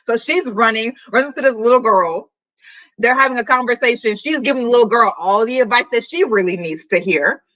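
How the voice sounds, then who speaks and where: A woman's voice: fairly high pitch, brisk, low-quality recording. A woman hosting a reading vlog, recapping a book in casual, slangy chat. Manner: animated, chatty, slangy.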